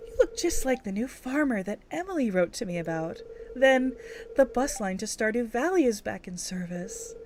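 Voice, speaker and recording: Woman voices a cheerful grown-up valley girl shopkeeper in a game: chirpy, sing-song, pitched up. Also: darkish tone, a little hiss or hum, full character voice.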